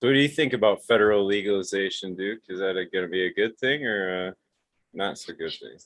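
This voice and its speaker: Low male voice, needling questioner in group banter. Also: a little fast, a bit bright, no room sound. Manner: teasing, asks questions. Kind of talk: casual group chat.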